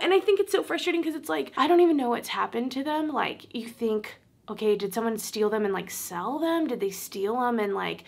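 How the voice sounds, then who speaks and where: A woman's voice: on the high side, gravelly. A young woman vlogger venting at home in a casual chat, close to tears and full of "like" fillers. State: tearful. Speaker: beauty vlogger. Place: at home, indoors.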